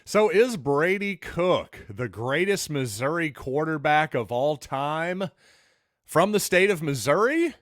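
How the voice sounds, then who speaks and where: A man's voice: on the high side, sing-song, slow, fairly bright tone, no echo. A man hosting a solo sports podcast, talking in an opinionated, conversational and wry way.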